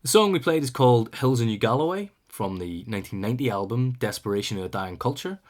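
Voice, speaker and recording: A man's voice: mid-range voice, animated, fast. A man hosting a music radio show, talking casually about bands with frequent ums and uhs.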